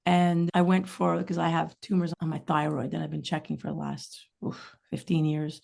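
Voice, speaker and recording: A middle-aged woman chats as a podcast guest, her low voice carrying a gravelly rasp. She rambles through candid stories full of frank, lively asides. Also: normal speed. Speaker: guest, singer-songwriter. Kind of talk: casual podcast interview chat.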